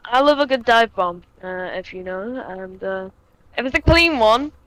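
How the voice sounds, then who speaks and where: A woman's voice: a little high, lively intonation, moderate pace, fairly bright tone, no echo, rough recording. A woman co-commentating an online racing league stream, reading out the grid and laughing often. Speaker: race commentator. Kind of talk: casual sim racing commentary.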